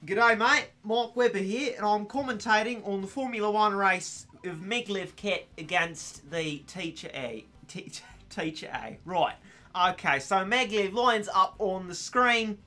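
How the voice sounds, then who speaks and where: A British man voicing an upbeat male Australian racing commentator in a put-on Australian accent, with excited commentary. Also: high-pitched, unhurried, voice pushed up.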